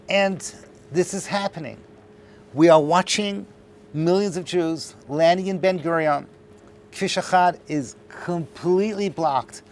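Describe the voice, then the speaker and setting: A man giving a lively, joking class lecture to a live audience, talking straight to his listeners. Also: high-pitched, measured pace, a little hiss or hum.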